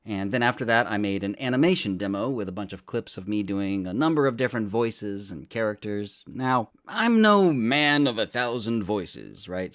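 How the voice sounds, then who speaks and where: A man hosting a trivia podcast, joking and teasing himself in a casual monologue. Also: fairly low pitch. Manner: playful, jokey, self-mocking.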